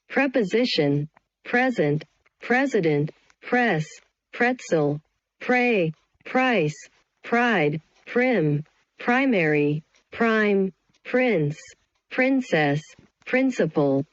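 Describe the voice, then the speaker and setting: A woman's voice: medium pitch, no echo, dull audio. A woman reading English vocabulary words one at a time, each evenly spaced. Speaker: vocabulary reader. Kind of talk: slow word-list reading.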